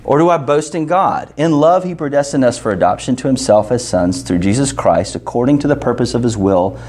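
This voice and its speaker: A man's voice: medium pitch, animated, brisk, darkish tone. Joking conversational male preacher. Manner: conversational and joking, lists numbered points. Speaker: pastor. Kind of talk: sermon teaching with scripture readings.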